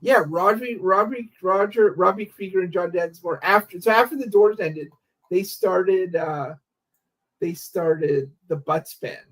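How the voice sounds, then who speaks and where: A man's voice: high voice, measured pace, a bit bright, poor audio. A man in casual podcast chat, rambling with many likes and anyways.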